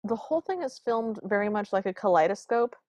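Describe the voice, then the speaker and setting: A woman's voice: medium pitch, animated, fairly quick, darkish tone, no echo. A woman co-hosting a podcast, recapping a film in casual chat with sarcastic comic asides. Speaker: podcast co-host.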